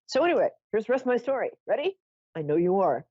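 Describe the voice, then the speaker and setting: A woman's voice: on the high side, sing-song, fast talker, warm tone, no echo, muffled recording. Chatty theatrical woman psychic host. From New York. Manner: chatty, theatrical, self-mocking asides. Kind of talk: casual storytelling to callers.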